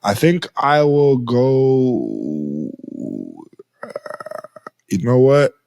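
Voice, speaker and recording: A man's voice: mid-range voice, very animated, very slow, gravelly, a little mellow, dry recording. A man co-hosting a podcast in casual chat, rambling and saying "bro" a lot. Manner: loose, rambling, says "bro" often. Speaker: podcast co-host.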